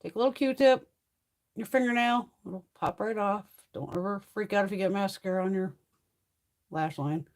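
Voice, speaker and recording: A woman's voice: mid-range voice, normal speed. A middle-aged woman hosting a beauty livestream, chatting casually and bluntly, swearing freely and answering viewers by name.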